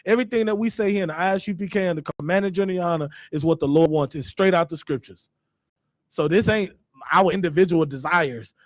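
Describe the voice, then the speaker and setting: A man's voice: sits high, a little fast, dry recording, clean studio sound. A man giving a stern, emphatic scripture lesson as a religious teacher.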